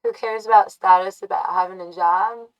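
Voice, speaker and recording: A woman live streaming from a dark room, chatting casually, musing and often laughing or humming to herself. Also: mid-range voice, fairly even intonation, moderate pace. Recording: voice from far off the mic.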